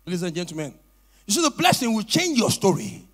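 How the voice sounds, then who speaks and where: Male pastor, very high voice, animated preaching, church sermon. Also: brisk, husky. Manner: animated storytelling with call-and-response.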